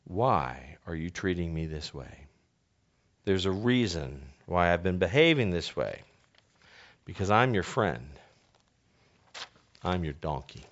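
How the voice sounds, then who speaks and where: A man's voice: low voice, sing-song, takes it slowly, long pauses, pitched below the performer's own voice, heavily acted. A man voicing a loyal male donkey who pleads with his master in earnest questions. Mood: wounded, hushed. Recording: dull lo-fi recording.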